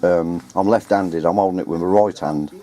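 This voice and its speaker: A deep, mellow-voiced man talks casually to the camera he holds outdoors at his home. He rambles and corrects himself as he speaks, with a faint hiss of noise behind him. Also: fairly even intonation, normal speed. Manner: chatty, rambling, self-correcting. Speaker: radio hobbyist vlogger. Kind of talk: casual running commentary to camera. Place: outdoors at home on ladders and in the garden. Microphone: handheld camera mic.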